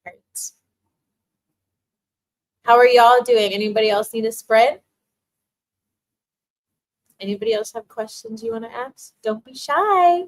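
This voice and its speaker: A woman's voice: on the high side, little pitch movement, a little slow, long pauses, poor audio. Bubbly woman hosting a tarot livestream. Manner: bubbly, laughs often, emotional and affirming. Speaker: spiritual livestream host reading tarot. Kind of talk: casual livestream chat reading comments.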